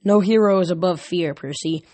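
Storybook figure: a kind, proud sea-god father, booming warmly, read by a man. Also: moderate pace, no room sound, natural voice. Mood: commanding.

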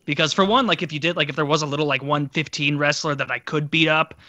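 A man's voice: a little high, fairly even intonation, quick pace, pushed and bright, no echo, dull audio. A man in casual chat, joking and mock-quoting people in silly voices.

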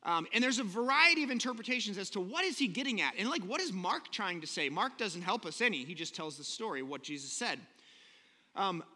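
Long church-hall reverb surrounds a pastor preaching to his congregation in the sanctuary, his high, bright voice forceful, fairly quick, and full of big pitch swings. The sermon is casual and conversational, and he often corrects himself mid-sentence.

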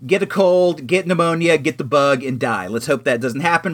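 A man's voice: on the high side, moderate pace, few pauses, fairly bright tone, faint music behind. A man hosting an internet radio show, chatting casually in a rambling way with many fillers. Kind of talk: casual radio segment monologue.

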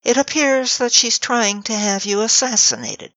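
A woman's voice: on the high side, big pitch swings, normal speed, a bit bright, dry recording, pitched above the performer's own voice, full character voice. A woman voicing a sarcastic magic mirror spirit that mocks and teases in a dry, theatrical way, in a slightly dull audiobook recording.

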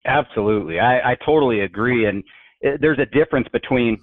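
With a medium-pitched voice and a brisk pace, a man swaps workplace humor anecdotes in a laid-back podcast chat, acting out the quoted voices animatedly. The line is tinny and phone-like, with no room sound.

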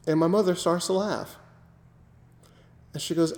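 A man co-hosting a casual podcast chat, telling stories with animated quoted voices. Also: fairly high pitch, unhurried. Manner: animated storyteller, acts out quotes. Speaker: podcast co-host. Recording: echoey room with long reverb.

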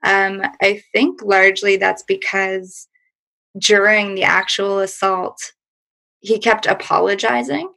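A woman speaking as a podcast guest, thoughtful and hesitant, often pausing on fillers. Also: medium pitch, fairly even intonation, creaky, sharp tone. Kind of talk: reflective interview talk.

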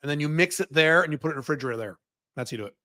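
A man runs a livestream Q&A, answering viewer questions one by one. He speaks in a fairly high voice. He is blunt and opinionated and swears freely. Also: animated, racing, bright, forceful tone. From United States.

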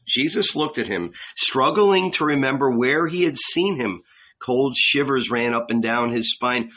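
Slow, bright-toned male narrator. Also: mid-range voice, animated, dull audio. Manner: measured, dramatic narration. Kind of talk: audiobook reading.

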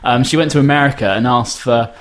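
A man's voice: medium pitch, fairly even intonation, fast, a bit bright. Casting: British male podcast host, playful and joking, laughs easily, casual chat. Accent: British English. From England.

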